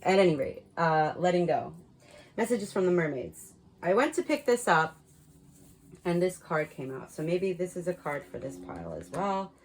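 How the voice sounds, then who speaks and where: A woman's voice: lowish voice, sing-song, normal speed, a little hiss or hum. A woman giving a casual spiritual card reading, talking frankly and chattily and laughing at her own slips. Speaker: tarot card reader.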